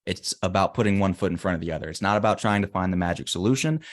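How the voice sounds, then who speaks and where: A man's voice: sits low, racing. A man as an interview guest telling a story and giving emphatic motivational advice. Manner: earnest, emphatic.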